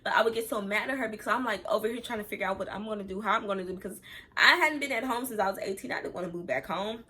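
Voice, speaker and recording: A woman's voice: medium pitch, rapid-fire, bright, forceful tone. A young woman telling a personal story time on her vlog, candid and chatty, talking straight to her viewers and close to tears at times. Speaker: vlogger.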